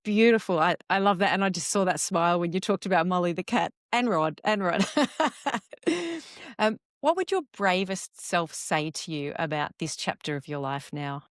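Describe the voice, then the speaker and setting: A middle-aged woman hosting a podcast interview, warm and effusive, often restarting her sentences. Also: lowish voice, fairly quick, hardly any pauses, no echo, clean studio sound. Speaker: podcast host. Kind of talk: casual interview chat.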